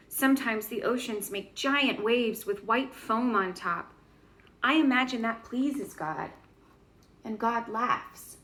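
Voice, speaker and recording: Woman, high voice, gentle storybook reading, questions for young listeners. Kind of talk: reading a children's book aloud.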